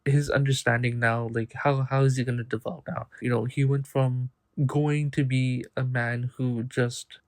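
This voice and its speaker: A man's voice: mid-range voice, little pitch movement, moderate pace, hardly any pauses, no echo. A man reviewing a manga chapter in a loose, chatty way, full of "like" and "um". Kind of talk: casual chapter recap.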